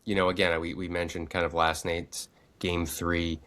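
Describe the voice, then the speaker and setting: Brief: man, podcast host, very low voice, relaxed storytelling. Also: moderate pace. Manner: loose storyteller, does funny voices. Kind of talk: casual chat.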